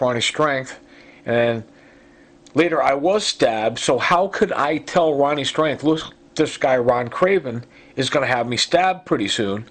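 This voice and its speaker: A man's voice: medium pitch, a bit bright. A man in an urgent, rambling monologue, accusing people and stacking fillers and asides as he talks. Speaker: self-recorded complainant. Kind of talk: agitated monologue.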